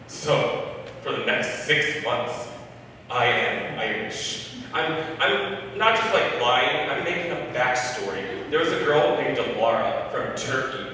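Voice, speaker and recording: Bright-voiced stand-up comic in an echoey hall. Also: male voice, medium pitch, lively intonation, slow pace, distant mic, slight background noise. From Michigan, US. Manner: storytelling with crowd work, swearing freely. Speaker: stand-up comedian. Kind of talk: stand-up set. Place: live comedy club.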